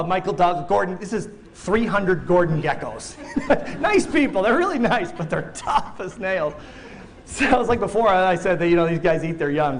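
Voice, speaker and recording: A man giving a keynote speech in a convention hall, telling a playful story, laughing often and mimicking others. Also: high-pitched. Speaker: keynote speaker.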